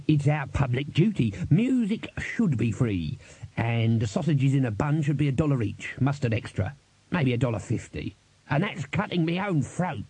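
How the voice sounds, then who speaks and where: A man voicing a greedy, fast-talking male street trader who haggles and wheedles. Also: mid-range voice, very animated, darkish tone, husky, no room sound. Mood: wheedling.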